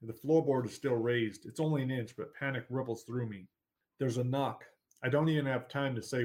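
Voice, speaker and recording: A man narrating a first-person story in a measured, steady reading voice. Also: mid-range voice. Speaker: audiobook narrator.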